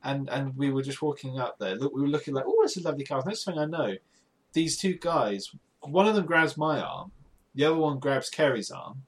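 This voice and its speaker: A man's voice: mid-range voice, moderate pace. A man from the UK, a podcast co-host, chatting casually and telling stories with lots of restarts and laughter. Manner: animated storyteller, stumbling restarts, frequent laughter. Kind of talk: casual chat.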